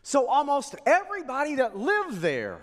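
A man preaching a sermon as pastor, dramatic, swinging from loud declarations to hushed asides. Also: extremely high pitch, huge pitch swings, moderate pace, big-room sound.

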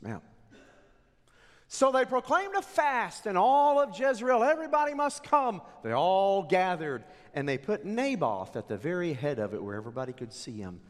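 A man preaching a sermon, retelling a scripture story with animated, dramatic delivery. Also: sits high. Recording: echoey hall reverb.

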